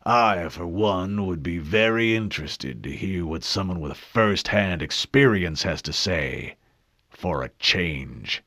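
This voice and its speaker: A man voicing an older male official with a rough, scratchy voice and dry sarcasm. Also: low-pitched, animated, slow, sharp tone, no room sound, full character voice. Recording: dull dry studio read.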